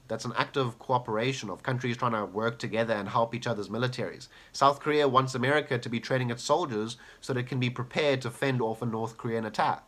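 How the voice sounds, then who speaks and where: A man's voice: mid-range voice, a bit bright. A man giving an argumentative commentary, firing off rhetorical questions with sarcastic asides. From South Africa. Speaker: political commentator. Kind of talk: argumentative video essay.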